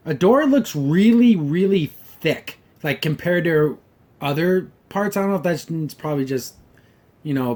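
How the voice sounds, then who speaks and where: A man's voice: on the high side, darkish tone. A man hosting a podcast, giving a casual, rambling and wry review of a cartoon episode. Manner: rambling, hedges often with "kinda" and "like"; wry and critical.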